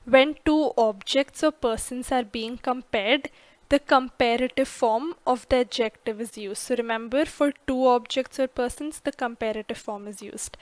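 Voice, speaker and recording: A woman narrating an English grammar lesson, slow and careful, stressing each example word clearly. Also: on the high side, dry recording.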